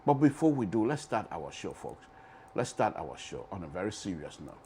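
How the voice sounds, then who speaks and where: A man's voice: deep voice, very animated, moderate pace, warm tone, slight background noise. A middle-aged man with a Liberian accent hosting a radio talk show, who repeats his phrases for emphasis and keeps calling his listeners folks.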